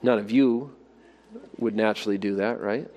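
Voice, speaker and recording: A man's voice: fairly low pitch, moderate pace, a little mellow, long reverb tail. A man preaching a sermon, asking his listeners rhetorical questions and building to emphatic exhortations. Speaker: pastor.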